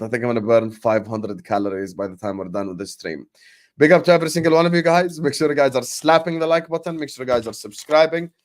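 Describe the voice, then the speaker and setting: A young man hosting a casual football debate livestream, animated and full of banter and fillers, while fasting. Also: mid-range voice. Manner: animated, banter-heavy, lots of filler phrases. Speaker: football podcast host.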